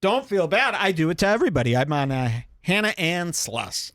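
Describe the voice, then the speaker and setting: Mocking man ranting with wild pitch. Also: very animated, moderate pace, a bit bright, no room sound. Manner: mocking, exaggerated, swings pitch wildly. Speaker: podcast host. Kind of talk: crude comedic rant.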